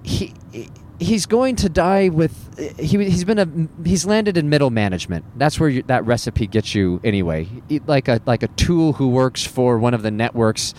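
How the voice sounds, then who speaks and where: A man's voice: mid-range voice, lively intonation, moderate pace, darkish tone, slight background noise. A man who works as a stand-up comedian, talking in a casual, self-deprecating monologue with wry laughs.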